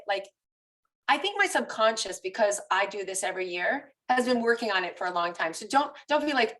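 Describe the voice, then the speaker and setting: A woman fitness coach in a casual live group coaching chat, telling personal stories in an animated, confessional way. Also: on the high side, brisk, recorded from a distance, poor audio.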